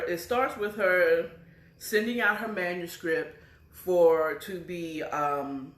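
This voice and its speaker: Casting: woman storyteller, casual and rambling, roomy echo. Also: on the low side. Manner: chatty, with fillers and self-corrections. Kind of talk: casual retelling of a romance novel. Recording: echoey room.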